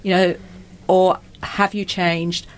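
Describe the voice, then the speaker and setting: A woman's voice: fairly low pitch, level tone, takes it slowly. A woman hosting a casual chat, encouraging her guests with questions. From England. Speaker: host.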